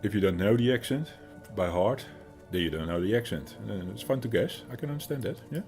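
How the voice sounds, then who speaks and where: A man's voice: lowish voice, animated, fairly quick, darkish tone, soft background music. A man in his thirties with a Dutch accent, chatting casually with his stream chat, rambling with fillers as he answers them. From Netherlands.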